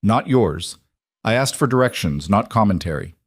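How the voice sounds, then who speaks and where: A man's voice: lowish voice, expressive, normal speed, warm tone, no echo, clean studio sound. Storybook heroine: resolute young woman, clipped and firm, read by a male narrator.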